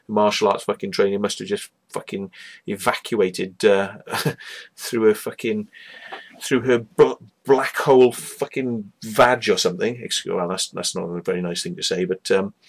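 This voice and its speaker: A man rants on his own show in a scornful, sweary, rambling way. His voice is mid-pitched but very lively, jumping up and down a lot as he sneers. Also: breathy edge. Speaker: host. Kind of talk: casual profane rant.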